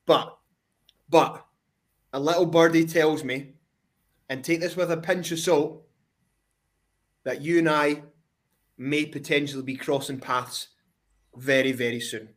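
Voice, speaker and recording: A man's voice: on the high side, steady tone, a little slow, pauses often. A man talking trash as a wrestler guest on a podcast, brash and cocky, swearing freely. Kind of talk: boastful trash talk.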